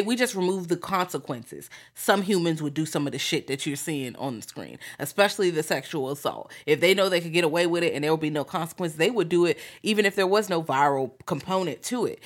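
Animated, profane American woman. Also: fairly low pitch. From United States. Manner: animated, profane, laughs often. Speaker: podcast co-host. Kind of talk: casual chat.

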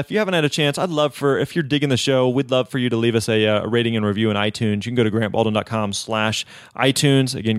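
A man's voice: mid-range voice, clear, resonant tone, dry recording, clean studio sound. A man hosting a podcast, wrapping up an episode in an upbeat, encouraging, conversational way with frequent fillers. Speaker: podcast host. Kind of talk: casual podcast wrap-up.

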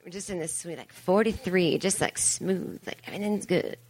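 A woman's voice: on the low side, normal speed, darkish tone, husky. A woman in her forties doing a chatty, profane, self-mocking live comedy monologue on stage, full of asides. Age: 40s. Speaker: comedian and podcast host. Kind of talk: live stand-up style monologue. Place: live show venue with audience.

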